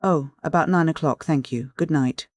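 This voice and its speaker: Male narrator as a wry young gentleman, measured, a little biting, dry sound. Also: fairly high pitch, dry recording, natural voice. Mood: polite. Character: dignified young gentleman, wry and easily piqued.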